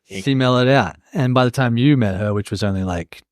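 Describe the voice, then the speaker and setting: A man's voice: medium pitch, brisk, no room sound, clean studio sound. A man co-hosting a podcast in casual chat, telling stories in an earnest, rambling way. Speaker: podcast co-host.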